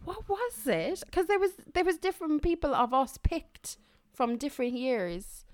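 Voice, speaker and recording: A woman's voice: high voice, big pitch swings, normal speed, no room sound, clean studio sound. A young woman co-hosting a podcast, chatting casually, hesitant and full of likes and giggles. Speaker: podcast co-host. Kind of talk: casual chat.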